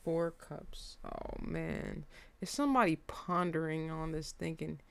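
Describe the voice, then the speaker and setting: A woman casually doing a tarot reading for her viewers, animated, slangy and openly emotional as she talks. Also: low voice, a little slow, vocal fry, a little hiss or hum. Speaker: tarot reader.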